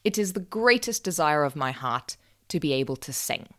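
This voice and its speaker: A woman's voice: sits low, expressive, normal speed, fairly bright tone. A woman voicing an earnest, polite little male armadillo who pleads desperately. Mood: pleading.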